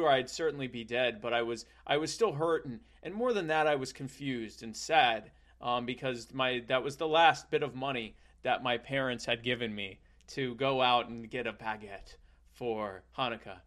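A man's voice: a little high, fairly bright tone. Rambling man spinning a silly tale. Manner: rambling, halting restarts, playful mock-French bits. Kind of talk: improvised comic storytelling.

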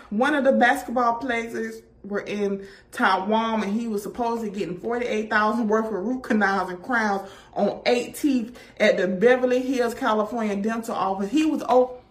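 Sassy, animated woman gossiping with viewers. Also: on the high side. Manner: animated, laughing, sassy, addresses viewers as y'all. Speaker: gossip show host. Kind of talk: casual celebrity gossip chat. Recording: echoey room.

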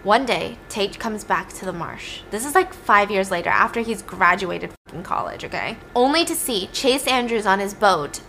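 A woman's voice: mid-range voice, expressive, normal speed, hardly any pauses, bright, forceful tone, a little hiss or hum. A young woman casually recapping a film plot, chatty and sarcastic, swearing freely.

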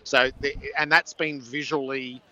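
A man's voice: medium pitch, steady tone, measured pace, sharp tone, muffled recording. A man who calls football games, describing the build-up from his stadium broadcast position in vivid, storytelling detail. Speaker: NFL commentator calling the game. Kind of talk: on-location phone-in chat.

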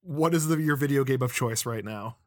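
A man's voice: mid-range voice, fairly quick, no echo. Easygoing male podcast host, dry sound. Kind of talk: casual interview.

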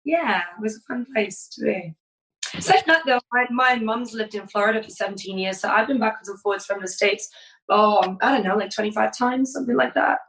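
A woman's voice: medium pitch, brisk, vocal fry, fairly bright tone, low-quality recording. A woman from England, chatting as a podcast guest and laughing often. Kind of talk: casual podcast chat.

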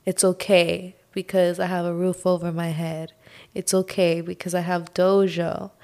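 Slow, sighing young woman opening up. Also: on the low side, level tone, darkish tone. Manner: slow, sighing, heartfelt, says "like" often. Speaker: podcast host. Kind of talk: emotional personal monologue.

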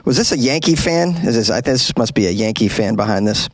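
A man's voice: on the low side, animated, fast, dry recording. Dry, joking man riffing on the news. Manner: joking, riffing asides between read headlines. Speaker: news commentary host. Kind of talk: casual comedic news commentary.

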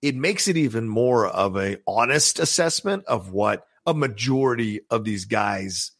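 Gravelly, lively-voiced man chatting. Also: fairly low pitch. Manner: animated, quick to laugh. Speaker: podcast co-host. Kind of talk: casual film discussion.

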